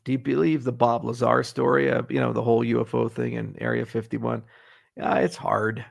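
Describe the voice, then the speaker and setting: A man's voice: mid-range voice, little pitch movement, normal speed, vocal fry. A middle-aged man hosting a casual livestream Q&A, answering viewer questions in a blunt, sarcastic and profane way. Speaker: host.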